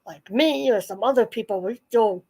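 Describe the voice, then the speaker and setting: A woman's voice: fairly high pitch, normal speed, a little mellow, rough recording. A woman in her forties telling a personal story in a casual, rambling way, full of fillers and restarts. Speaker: channel host.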